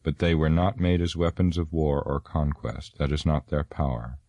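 A man voicing a wise, ancient elf lord who speaks gravely and with sorrow. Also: very deep voice, level tone, normal speed, dark tone, no room sound. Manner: grave, lofty, sad.

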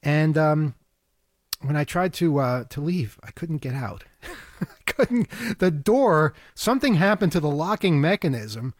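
A man's voice: on the high side, lively intonation, a little slow, dry recording, studio quality. A man co-hosting a radio talk show, telling a story in a rambling way, stumbling over repeated words and laughing often. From New York State. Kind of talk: casual chat.

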